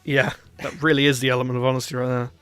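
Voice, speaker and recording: A man's voice: medium pitch, level tone, very fast, a bit bright, soft background music. A man joining as guest in a casual review chat, joking with playful banter.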